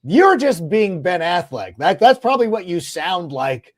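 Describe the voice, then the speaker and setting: A man hosting a sports podcast, talking casually in a lively, rambling way with restarts. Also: sits high, unhurried. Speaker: podcast host.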